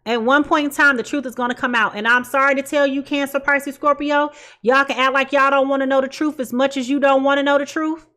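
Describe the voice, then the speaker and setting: A woman's voice: high-pitched, little pitch movement, a little fast, sharp tone. A woman giving a casual tarot reading in a blunt, sassy way and laughing at her own jokes. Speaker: tarot reader.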